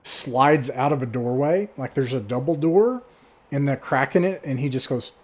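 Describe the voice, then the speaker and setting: A man narrating as game master, halting, with many fillers and restarts. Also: mid-range voice.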